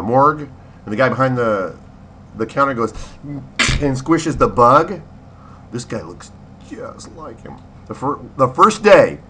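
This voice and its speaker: A man's voice: mid-range voice, sharp tone, a little hiss or hum. A man in his fifties casually telling a rambling story in a spoken diary, acting out quotes and laughing. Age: 50s. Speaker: video blogger.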